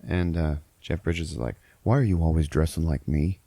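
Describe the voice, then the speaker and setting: A deep-voiced man with a gravelly, fry-heavy edge talks through a film plot on a podcast. He rambles in a loose, profane way, stacking fillers as he goes. The sound is dry and close. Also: normal speed, warm tone, no room sound. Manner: rambling, profane, laughing storyteller. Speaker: podcast host. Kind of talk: casual movie recap.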